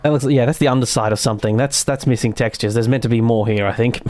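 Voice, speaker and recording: Australian man, game streamer, mid pitch, rambling self-deprecating chat, swears freely. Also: steady tone, fast, darkish tone, faint music behind. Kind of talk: live gameplay commentary chatting with viewers.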